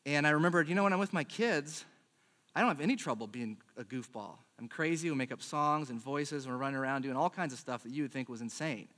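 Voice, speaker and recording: A middle-aged man preaching a sermon, telling a self-deprecating personal story in a chatty, animated way. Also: medium pitch, quick pace. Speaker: pastor.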